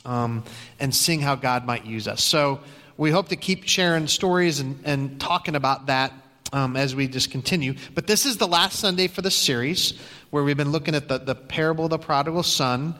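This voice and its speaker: A man's voice: fairly high pitch, moderate pace, bright, forceful tone. A middle-aged male pastor telling a story in a sermon, casual and full of restarts. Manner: conversational, hesitant restarts. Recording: long hall reverb.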